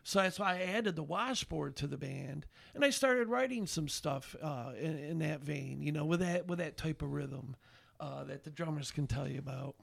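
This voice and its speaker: Animated gravelly-voiced man telling stories. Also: a little high, normal speed, no echo. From Albany, New York area. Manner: animated, rambling with many fillers and restarts. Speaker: songwriter and bandleader, podcast guest. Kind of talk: casual chat, storytelling.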